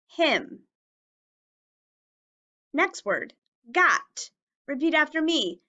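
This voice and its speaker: A woman leads a phonics lesson for young children, sounding out each word slowly and spelling it letter by letter. Her voice is bright and carefully enunciated, and the recording is dull and lo-fi. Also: mid-range voice. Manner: drawn-out, clearly enunciated words, spelling letters out. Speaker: teacher.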